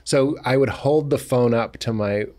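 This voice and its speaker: A man's voice: mid-range voice, a little slow, warm tone. A man, a guest comedian, chatting and riffing with playful bits on a comedy podcast. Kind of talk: casual comedy podcast chat.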